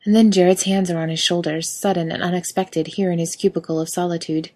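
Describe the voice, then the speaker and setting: Brief: female reader, slightly low pitch, wry lively storytelling. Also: quick pace. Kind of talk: reading fan fiction aloud.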